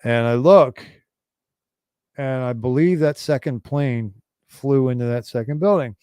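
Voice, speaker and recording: A man in his forties hosting a livestream, telling a rambling, profane story in a casual, animated way. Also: mid-range voice, a little slow, smooth, no room sound, studio quality. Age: 40s. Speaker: livestream host.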